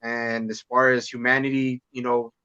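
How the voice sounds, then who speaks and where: A man's voice: mid-range voice, flat delivery, normal speed, bright, forceful tone, smooth, dry recording. A man guesting on a podcast over a call, talking about movies in a loose, rambling way. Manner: rambling, lots of "man" and restarts. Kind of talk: casual movie chat. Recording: slightly dull dry sound.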